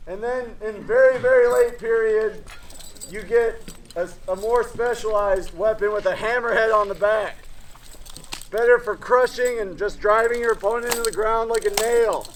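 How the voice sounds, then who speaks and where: A man's voice: sits high, moderate pace, slight background noise. A man presenting a combat demonstration, explaining historical weapons to an audience outdoors. He projects his voice and lectures in short phrases. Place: outdoors at a reenactment event.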